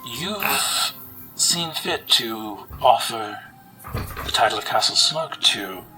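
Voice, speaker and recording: A man voicing a gracious hound-folk woman knight in a tabletop game, speaking formally in a soft, half-whispered way. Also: mid-range voice, animated, music in the background. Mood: measured, gracious. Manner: formal, measured, courtly phrasing.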